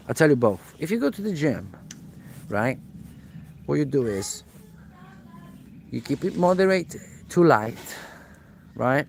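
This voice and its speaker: A man's voice: medium pitch, big pitch swings, measured pace, gravelly, pauses often, darkish tone, a little hiss or hum. A man working as a personal trainer, answering viewers' questions on a live stream in a direct coaching manner and repeating key points for emphasis.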